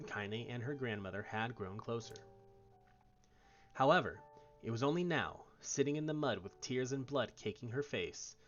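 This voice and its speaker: A man streamer reads story narration aloud with lively, swinging intonation. His pitch is mid-range for a man, and faint music plays underneath. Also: muffled recording. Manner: expressive read-aloud. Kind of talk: reading story text aloud.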